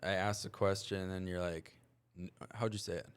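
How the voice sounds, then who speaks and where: A man's voice: low-pitched, level tone, normal speed, smooth. A man hosting a casual podcast chat, jokey and laughing often as he brings up topics. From United States. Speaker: podcast host.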